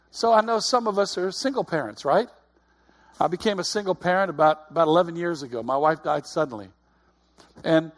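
A man in his fifties preaching a sermon in a conversational way, with repeated calls of "Amen?" and laughing asides. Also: a little high. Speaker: pastor.

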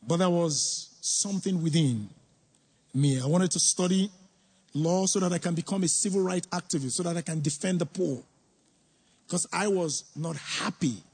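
A man's voice: fairly high pitch, darkish tone, slightly rough. A middle-aged man telling his personal testimony to a congregation, earnest and reflective, repeating words for emphasis. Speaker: church member giving testimony.

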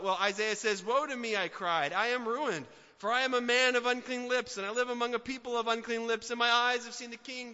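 A man preaching a sermon as a pastor, swinging between loud emphatic outbursts and quiet, soft asides. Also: extremely high pitch. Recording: dull sound with long hall reverb.

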